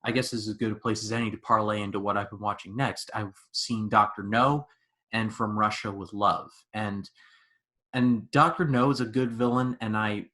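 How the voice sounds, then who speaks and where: This podcast host, a man in his twenties, speaks at normal speed in a lowish voice. He tells animated stories in a relaxed movie-review chat, using "like" frequently.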